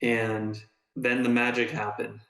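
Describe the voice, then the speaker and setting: A man co-hosting a casual podcast chat, with a gravelly, creaky edge in his voice. He tells stories with animation and acts out how people reacted. He is recorded in an echoey room. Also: mid-range voice, level tone, slow, a bit bright. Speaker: podcast co-host.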